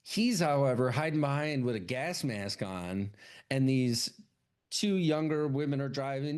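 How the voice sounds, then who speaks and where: A man co-hosting a podcast, talking through a horror film in loose, profane chat. His voice sits at a middling pitch. Now and then he acts out the characters in quick, high put-on voices. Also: a little mellow, clean tone. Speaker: podcast co-host. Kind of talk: casual chat recapping a film.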